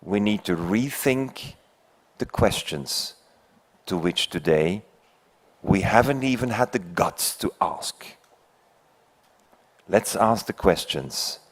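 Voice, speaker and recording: A man's voice: on the low side, lively intonation, slow, pauses often. An older man from Belgium, not an English speaker, giving a conference talk and telling a fable with rhetorical questions to the audience. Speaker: keynote speaker. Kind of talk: conference speech with a told fable. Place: conference hall.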